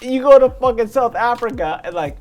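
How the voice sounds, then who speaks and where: A man's voice: very high voice, animated, brisk, faint music behind. A man hosting a casual podcast, laughing and teasing his guest over drinks. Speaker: podcast host.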